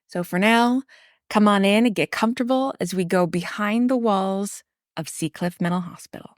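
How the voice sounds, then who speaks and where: A woman's voice: medium pitch, moderate pace, no echo, clean studio sound. A woman hosting a podcast, narrating a scripted true crime and history story and reading from notes with casual asides and the odd slip. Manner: reads from a prepared script with casual asides and occasional slips. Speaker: podcast host.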